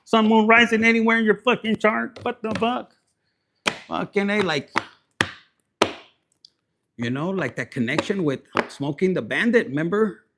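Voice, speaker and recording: A high-pitched man runs a tarot reading full of swearing. He jumps into Spanish mid-sentence and keeps things rowdy and crude, with no polish at all. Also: moderate pace, long pauses, background noise. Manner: profane, rowdy, slips into Spanish. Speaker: tarot reader.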